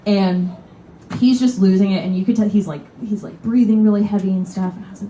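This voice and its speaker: A young woman from Kentucky spins a comedic story on stage in a bookstore cafe, rambling, swearing and leaning on "like". Her voice is mellow and dark-toned. The live room rings around her, with a faint murmur underneath. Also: medium pitch, fairly quick, a little hiss or hum. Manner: rambling, profane, heavy use of "like". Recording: roomy live venue sound.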